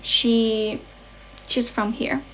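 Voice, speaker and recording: A woman's voice: a little high, fairly even intonation, very slow, a bit bright, a little hiss or hum. A young woman from China with a Chinese accent, chatting casually on a livestream at her grandmother's home and switching between English and Chinese. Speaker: livestream host and English teacher. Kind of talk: casual bilingual livestream chat.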